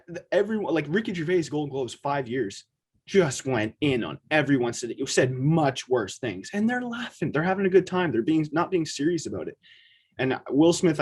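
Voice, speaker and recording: A man co-hosting a podcast in a casual chat, talking in an animated way and acting out quotes in quick asides. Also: a little high, husky. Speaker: podcast co-host.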